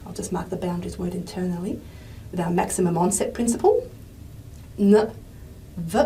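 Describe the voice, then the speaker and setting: Her voice lowish and mellow at a normal speed, the lecturer thinks aloud through a pre-recorded linguistics lesson, her words fading to a murmur as she writes on the board. She uses a worn microphone, and there's slight background noise.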